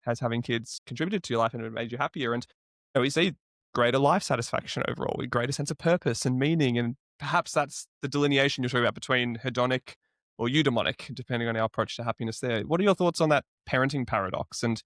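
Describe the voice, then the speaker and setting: A man's voice: medium pitch, fast talker, fairly bright tone, dry recording, clean studio sound. A young man hosting a podcast interview, asking earnest, reflective questions. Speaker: podcast host.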